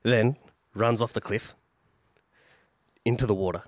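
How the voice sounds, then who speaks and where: A man with a low voice chats casually on a podcast. He rambles through a story and acts out the characters' lines himself. The sound is dry and close. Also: fairly even intonation, a little slow, dry recording. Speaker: podcast co-host. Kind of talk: casual chat.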